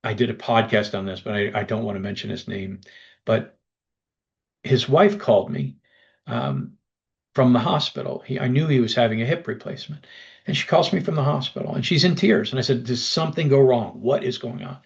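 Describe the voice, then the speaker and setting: A man with a gravelly, fry-edged voice at a middling pitch presents a webinar pitch. He talks persuasively and addresses the listeners directly. The recording sounds dull and lo-fi. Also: brisk.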